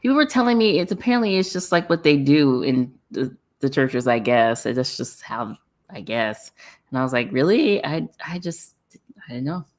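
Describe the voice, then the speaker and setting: A woman with a notably low voice runs a loose, casual livestream, responding to comments from her viewers at a moderate pace. She's animated, laughs often and repeats phrases for effect.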